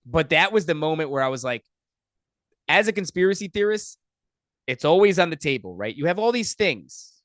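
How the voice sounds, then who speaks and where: A young adult man, a podcast guest, telling a personal story in a profane, animated, casual way. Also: on the high side, normal speed, dry recording, clean studio sound.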